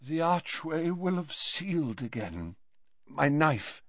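A man voicing an exhausted elderly headmaster wizard who speaks faintly and calmly, his words weak and slurred. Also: a little high, drawn-out words, no echo, dull audio, pitched above the performer's own voice, exaggerated voice. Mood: faint weary. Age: older. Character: exhausted old headmaster wizard, calm and gentle.

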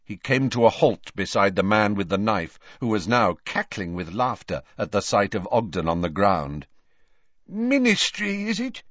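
A man narrating a story in a measured storytelling manner, in a dull, dry recording. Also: fairly low pitch, fairly bright tone, dry recording. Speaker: audiobook narrator. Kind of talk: scripted narration.

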